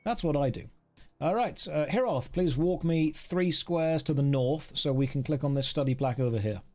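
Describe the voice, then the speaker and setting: A man's voice: on the high side, normal speed, a little mellow, faint music behind. Brief: joking male game streamer, light upper voice, chatty with his audience. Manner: playful, joking, chatty with chat. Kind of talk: casual game stream chat with viewers.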